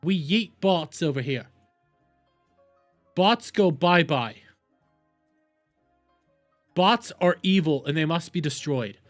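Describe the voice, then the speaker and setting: A man's voice: on the high side, moderate pace, few pauses, soft background music. A man hosting his live stream in casual chat, rambling with restarts and self-deprecating asides. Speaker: streamer host.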